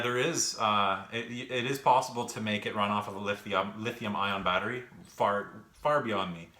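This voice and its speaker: In a lowish, bright, forceful voice, a young man streams while working, answering live chat as a gaming vlogger. He's out of breath and rambling with fillers, in an echoey room with faint background noise.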